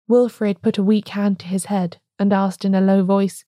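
A woman hosting a podcast, reading a classic detective story aloud in a measured, unhurried storytelling manner. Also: medium pitch, flat delivery, mellow, dry recording, clean studio sound. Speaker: podcast host and narrator.

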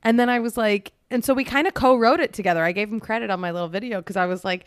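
A woman co-hosting a podcast, telling stories in an animated, casual way and saying "like" often. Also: a little high, quick pace, clear, resonant tone, no echo, clean studio sound. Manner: animated storyteller, heavy use of "like". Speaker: podcast co-host. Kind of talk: casual chat.

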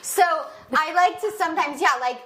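A woman's voice: very high-pitched, moderate pace, bright, forceful tone, rough recording. A woman in her thirties co-hosting a podcast, talking candidly and a little sheepishly, with frequent giggles. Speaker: podcast co-host. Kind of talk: casual chat.

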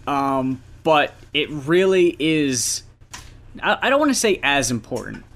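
Bright-voiced man, measured podcast talk. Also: mid-range voice. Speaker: podcast co-host. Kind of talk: casual chat.

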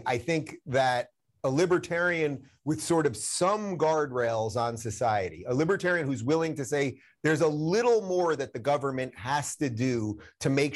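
A man in his forties, a guest author on a political talk show, explaining his views in an earnest, measured way. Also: medium pitch. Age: 40s.

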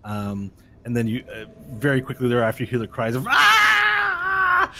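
A man running a tabletop game as game master, narrating scenes vividly with halting pauses and shouted cries. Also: medium pitch, steady tone, a little hiss or hum.

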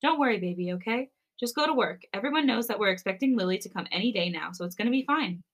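A woman reading a fan story aloud, voicing a young pregnant woman who talks to her partner in a soft, cooing, reassuring way. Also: medium pitch, lively intonation, fast.

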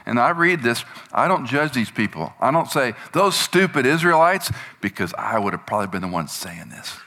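Bright-voiced man preaching a casual sermon. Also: on the high side, fairly quick, hardly any pauses. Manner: conversational preaching, animated when acting out complaints. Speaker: pastor.

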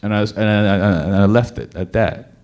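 A man telling a personal story to an audience, animated and dramatic, often repeating words as he restarts. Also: on the low side, fairly quick, background noise.

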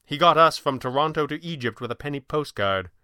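A man's voice: on the high side, animated, a little fast, pushed and bright, clean tone, no room sound, studio quality, voice pushed up. A man voicing a formal, good-humored man with old-fashioned phrasing, in a storytelling reading. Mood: calm.

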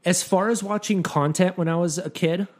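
A man's voice: high-pitched, moderate pace. A man co-hosting a podcast in a casual, jokey, chatty way, full of asides. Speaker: podcast co-host.

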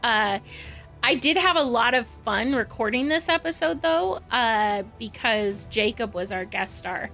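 A woman's voice: fairly high pitch, expressive, a little slow, vocal fry, sharp tone, soft background music. A woman co-hosting a movie podcast, laughing often and steering the chat between topics. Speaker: podcast co-host. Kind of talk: casual comedic chat.

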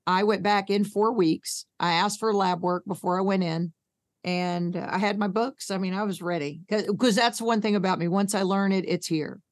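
A woman, a podcast guest telling her story in a blunt, folksy, animated way and acting out the voices in it. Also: medium pitch, moderate pace, dry recording, studio quality. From Arkansas, USA. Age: 50s. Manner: animated, acts out both sides of conversations. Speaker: podcast guest, patient advocate. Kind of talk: candid storytelling interview.

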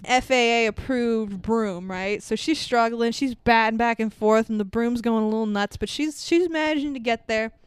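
A young adult woman casually recapping a movie, animated and swearing, acting out scenes with sound effects. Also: fairly high pitch, clean tone, no room sound, clean studio sound. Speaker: podcast co-host.

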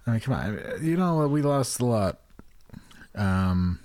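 A man's voice: medium pitch, lively intonation, a little slow, a little mellow, no room sound. A man co-hosting a casual comedy podcast, ranting with profanity and sarcasm. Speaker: podcast co-host.

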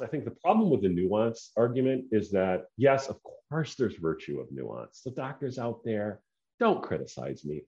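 A man's voice: low-pitched, mellow, lo-fi sound. A man giving an emphatic, opinionated casual monologue as a podcaster. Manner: emphatic, opinionated, self-assured.

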